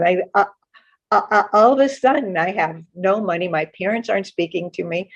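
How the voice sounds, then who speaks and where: An older woman sharing a personal spiritual story in an earnest, halting way, often repeating words as she restarts. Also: mid-range voice, vocal fry. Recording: muffled lo-fi sound.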